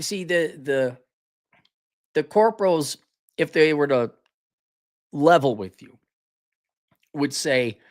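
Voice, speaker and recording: A man's voice: a little high, lively intonation, slow, pauses often. Crude sarcastic man ranting. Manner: crude, sarcastic, mocking voices of companies; frequent throat clearing. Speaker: podcast host. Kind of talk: ranting commentary monologue.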